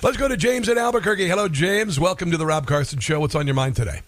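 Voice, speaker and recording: Male talk radio host, sarcastic, slightly higher voice, dead-dry studio sound. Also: fast, dry recording. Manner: mocking, interrupts clips with wisecracks.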